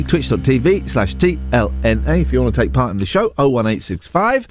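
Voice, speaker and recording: A man's voice: mid-range voice, sing-song, brisk, few pauses, soft background music. A man hosting a casual breakfast radio show, chatting playfully. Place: radio studio. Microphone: studio mic.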